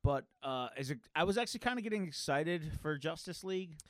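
A man's voice: fairly high pitch, lively intonation, fast, fairly bright tone, no room sound, clean studio sound. A man co-hosting a podcast, talking about comics casually and enthusiastically, rambling with many fillers. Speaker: podcast co-host. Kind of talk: casual comic book chat.

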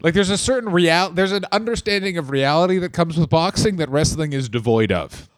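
A man's voice: on the high side, expressive, fairly quick, dry recording. A man co-hosting a comedy podcast, riffing crude jokes in casual chat. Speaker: podcast co-host.

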